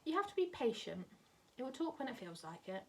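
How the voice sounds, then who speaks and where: A small six-year-old storybook boy, proud of his pet and a little bossy, speaking high and plain, as a woman puts him on. A gravelly texture runs through it, heard from a distance. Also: very animated, a little fast. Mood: matter-of-fact.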